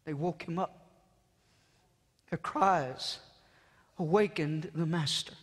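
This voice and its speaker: A man preaching a sermon in a church, dropping to hushed murmurs and rising to shouted climaxes, repeating phrases for emphasis. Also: on the high side, slow, husky. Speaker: pastor. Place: church sanctuary. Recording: long church reverb.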